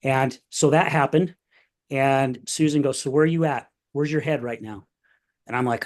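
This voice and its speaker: A man's voice: fairly high pitch, steady tone, moderate pace, darkish tone. A man hosting a podcast in casual conversation, telling his own story openly and getting emotional. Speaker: podcast host.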